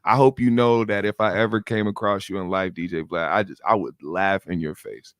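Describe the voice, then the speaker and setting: A man co-hosting a podcast in casual chat, joking and profane in quick banter on a close studio mic. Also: low voice, fairly even intonation, a bit bright, no room sound. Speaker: podcast co-host.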